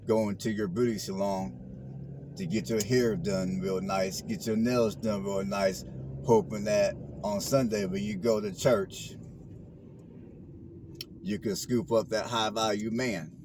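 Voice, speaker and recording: A man's voice: lowish voice, fairly even intonation, takes it slowly. A man vlogging from his car, giving preachy advice in casual slang and repeating his points. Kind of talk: casual talk while driving. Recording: car noise behind.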